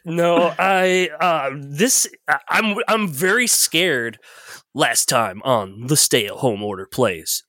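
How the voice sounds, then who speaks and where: A man's voice: fairly high pitch, expressive, slow, sharp tone, no room sound. A man running a tabletop game as game master, recapping in a rambling, joking way full of hesitations.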